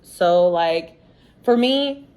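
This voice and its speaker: A woman's voice: lowish voice, lively intonation, very slow, warm tone, clean tone. A woman hosting a podcast, talking in a casual monologue that is blunt and emphatic, with lots of swearing and "like" and "you know". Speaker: podcast host.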